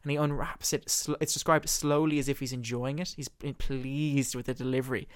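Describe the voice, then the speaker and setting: A man's voice: medium pitch, clear, resonant tone. A man animatedly retelling the scenes of a play in a casual discussion. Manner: animated storyteller, quick and expressive.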